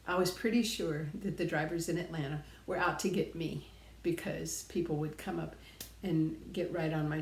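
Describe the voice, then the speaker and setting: Deep and darkish in tone, a middle-aged woman's voice carries through reverberant audio as she reflects earnestly on life lessons, repeating herself emphatically to press each point.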